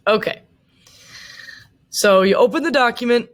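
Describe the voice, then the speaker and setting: A woman's voice: mid-range voice, moderate pace, fairly bright tone. A young woman teacher giving a casual recorded lecture, chatty, with many fillers and asides.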